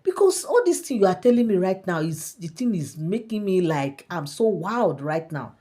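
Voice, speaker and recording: A woman's voice: fairly low pitch, very animated, normal speed, warm tone. A woman voicing an eager, bold young girl who talks insistently with many exclamations. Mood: pleading.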